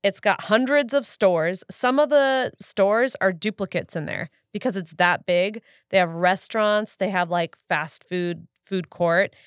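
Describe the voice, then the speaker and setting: A woman's voice: medium pitch, unhurried, few pauses, smooth, no room sound, studio quality. A woman in her thirties co-hosting a casual podcast, telling stories and quoting herself as she goes. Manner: chatty storyteller, quotes herself, laughs often. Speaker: podcast co-host. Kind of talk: casual chat.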